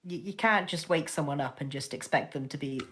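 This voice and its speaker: A woman's voice: low voice, fairly quick, fairly bright tone. A woman joking around as a player in a tabletop game. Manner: joking, playful. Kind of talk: casual tabletop play.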